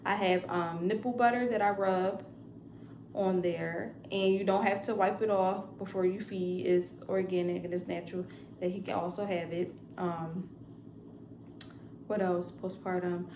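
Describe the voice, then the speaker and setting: A woman's voice: lowish voice, steady tone, a little slow, a little mellow, slight background noise. Chatty young woman in a roomy space. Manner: chatty and rambling, with many fillers. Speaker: vlogger and new mother. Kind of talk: casual chat to camera.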